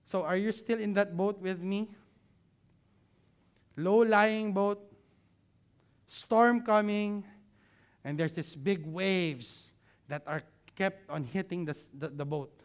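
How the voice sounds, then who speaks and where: Questioning, high-voiced male preacher. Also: normal speed. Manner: engaging, asks the listeners many questions; grows louder and more animated when explaining. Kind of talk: sermon.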